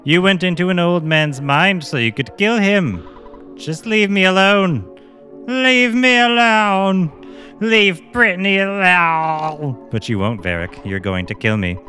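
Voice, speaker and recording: A pitiful old male scientist turned into a monster whines and begs to be left alone, as a man puts him on. The voice is bright and sits a little low, with faint game music behind it. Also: fairly even intonation, brisk, few pauses. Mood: pleading. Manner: whiny, pleading, self-pitying.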